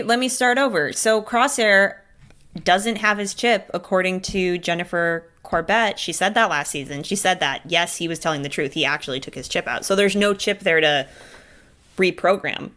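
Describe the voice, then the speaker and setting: A woman co-hosting a podcast, chatting casually and in an animated way. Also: mid-range voice. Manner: animated, quick to laugh. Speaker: podcast co-host. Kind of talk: casual chat.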